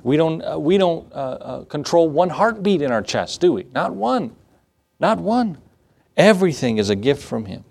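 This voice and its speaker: A man's voice: fairly high pitch, big pitch swings, moderate pace, creaky, a little mellow. A man, a pastor, giving a conversational sermon with laughs and acted asides. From United States.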